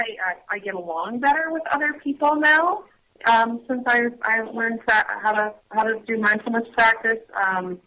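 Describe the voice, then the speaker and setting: A woman guest on a radio talk show who explains things gently and hesitantly, with many pauses and restarts. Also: a little high, poor audio. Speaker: guest on mindfulness. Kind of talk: casual radio chat.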